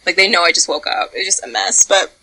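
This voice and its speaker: A woman's voice: lowish voice, quick pace, husky, low-quality recording. A young woman co-hosting a podcast, chatting candidly with lots of swearing and playful storytelling. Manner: candid, profane, lively storytelling with laughs. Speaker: podcast co-host. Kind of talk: casual podcast chat.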